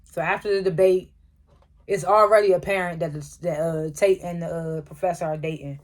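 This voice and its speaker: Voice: mid-range voice, steady tone. Casual TV recapper: chuckly, profane, rattles off quoted dialogue scene by scene. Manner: chuckles often while retelling scenes; acts out characters' lines in quick quotes. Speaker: TV episode reviewer.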